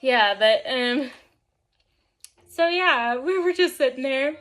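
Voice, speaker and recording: Brief: woman vlogger with a high voice, casual storytime, rambling, lots of "like". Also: takes it slowly, faint music behind. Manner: rambling, filler-heavy with frequent "like"; animated, laughs often while telling.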